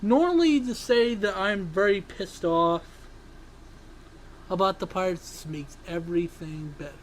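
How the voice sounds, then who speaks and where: A sports vlogger ranting angrily, swearing and breaking into sudden yells, then apologizing for them. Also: mid-range voice, measured pace, a little hiss or hum, rough recording. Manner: ranting, swearing, bursts into yelling; self-interrupting, apologizes for yelling. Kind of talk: angry sports rant.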